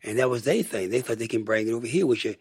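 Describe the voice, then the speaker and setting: A man's voice: medium pitch, racing, breathy edge, dry recording, studio quality. An older American man from Michigan, a guest musician, telling rambling stories in a casual interview and acting out what people said. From Michigan, USA. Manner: rambling, animated storyteller who acts out quotes.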